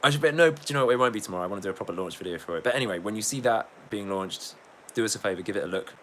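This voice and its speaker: A man's voice: lowish voice, expressive, rapid-fire, fairly bright tone, slight background noise. A man chatting casually on a livestream, reading chat comments, rambling, swearing and laughing often.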